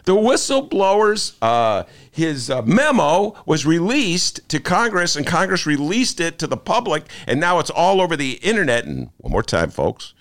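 A man's voice: a little high, very animated, normal speed, few pauses, a bit bright. Rambling jokey male radio host. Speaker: radio talk show host. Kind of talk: casual talk radio banter. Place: radio studio. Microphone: studio microphone.

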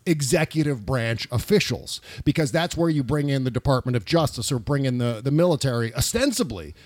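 A man on a political podcast, emphatic and animated, asking rhetorical questions in casual discussion. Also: medium pitch, a little fast, no room sound.

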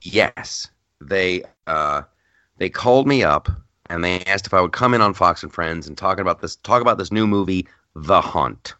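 A man's voice: sits low, normal speed, clear, resonant tone, no room sound, muffled recording. A man hosting a podcast, chatting casually and telling stories animatedly, often restarting his sentences. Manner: animated storyteller with frequent restarts. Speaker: podcast host.

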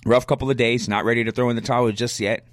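A man's voice: medium pitch, fairly even intonation, quick pace, no echo. A man hosting a sports fan podcast and answering listener questions in a casual, fired-up way. He is blunt, repeats himself and stammers as he restarts sentences.

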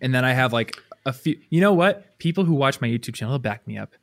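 A man's voice: medium pitch, animated, fast talker, vocal fry, dry recording, clean studio sound. A man co-hosting a podcast in casual chat, teasing and playful. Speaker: podcast co-host.

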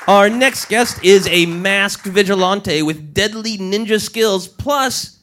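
A high-pitched man emceeing a comedy show in front of a live crowd. He talks playfully, laughs at his own jokes and riffs with the audience as he introduces guests. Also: takes it slowly, hardly any pauses, background noise. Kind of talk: live stage hosting. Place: stage before a live audience.

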